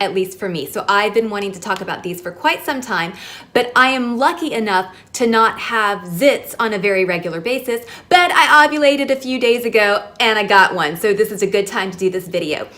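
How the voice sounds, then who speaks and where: With a fairly bright tone and a slightly high pitch, this beauty vlogger talks into her camera mic while filming herself at home, facing the lens. Her casual product review comes across as chatty and self-deprecating.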